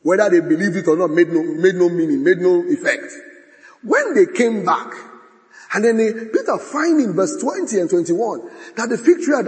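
A man's voice: sits high, expressive, fairly quick. Emphatic male preacher in a reverberant hall. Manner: emphatic, dramatic swings from loud declarations to hushed asides, recites scripture. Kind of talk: sermon.

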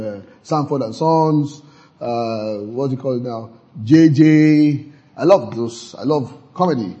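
A man preaching a sermon, acting out quotes in high voices and leading the congregation in declarations. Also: mellow, lo-fi sound. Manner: leads congregation in call-and-response declarations. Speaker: pastor.

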